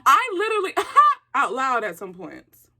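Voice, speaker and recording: A woman with a high voice hosts her own movie review vlog in a casual, chatty way. She is excitable and turns loud when something thrills her, peppering her talk with slang. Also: unhurried.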